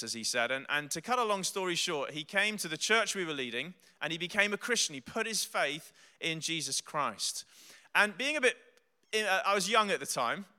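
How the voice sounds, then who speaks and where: A man's voice: fairly high pitch, sharp tone, clean tone. A man preaching a sermon as pastor, earnest and conversational, telling stories with asides. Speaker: pastor and theologian.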